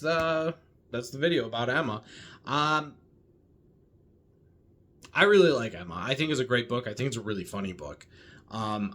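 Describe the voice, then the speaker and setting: Guy with a bright voice chatting about a book he likes, lots of ums, kind of thinking out loud. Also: mid-range voice. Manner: thinking aloud, many fillers and restarts. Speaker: book reviewer. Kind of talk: casual book discussion.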